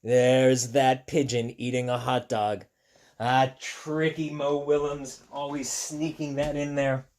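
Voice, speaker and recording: Man, teacher, picture book read-aloud, slow, gentle, repetitive, kid-friendly. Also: mid-range voice, little pitch movement. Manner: gentle, chatty and repetitive, talking directly to young kids. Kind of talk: reading a picture book to children.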